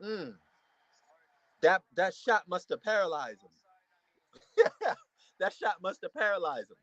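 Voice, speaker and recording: A man giving a casual, excitable reaction commentary to a boxing match, repeating himself and using slang. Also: high voice, measured pace, no echo, highs cut off. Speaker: fight reaction host.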